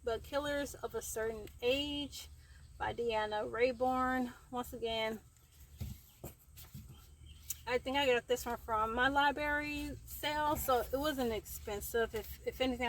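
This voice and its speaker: A woman's voice: fairly high pitch, a little slow, a little hiss or hum, low-quality recording. A young woman vlogging outdoors in the heat, chatty and rambling with fillers, somewhat out of breath. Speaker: book vlogger. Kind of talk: casual chat. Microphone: camera framing herself.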